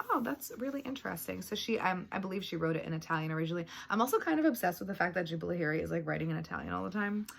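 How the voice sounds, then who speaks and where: A woman talks casually through what she is reading. Her voice sits low and has a gravelly rasp. She rambles along with plenty of "like" and "um". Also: a bit bright. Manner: rambling, full of "like" and "um". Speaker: book vlogger.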